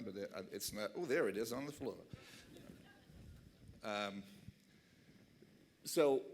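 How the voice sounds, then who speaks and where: Middle-aged boston guy giving a keynote, fired up, chatty, faint hall noise behind. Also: fairly low pitch. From Boston, USA. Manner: passionate, animated, chatty with asides. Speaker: keynote speaker. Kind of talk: keynote speech. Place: banquet hall.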